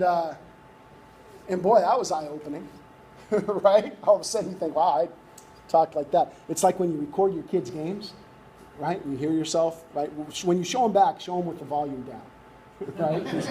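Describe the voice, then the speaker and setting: In a mellow high voice at a moderate pace, with a little hiss or hum in the audio, a man delivers a workshop on coaching youth baseball. He keeps things conversational, constantly checking in with "right?"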